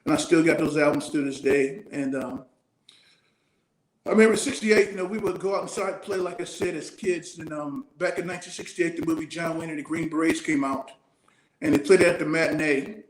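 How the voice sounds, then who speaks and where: A man's voice: fairly high pitch, fairly quick, reverberant, low-quality recording. A man in his sixties, a retired soldier, telling stories from his childhood in an interview, acting out the voices he quotes. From United States. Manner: animated storyteller, acts out quoted voices. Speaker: retired Army Ranger guest. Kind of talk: storytelling interview.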